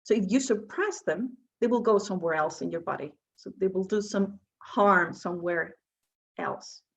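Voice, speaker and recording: A woman's voice: mid-range voice, normal speed. Woman coach leading a workshop. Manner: asks the audience questions, explanatory. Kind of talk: presenting a workshop talk.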